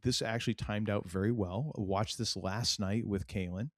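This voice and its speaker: A man's voice: on the low side, steady tone, moderate pace, no room sound, clean studio sound. A middle-aged man from New England, co-hosting a podcast in casual, rambling chat full of fillers and restarts. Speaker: podcast co-host.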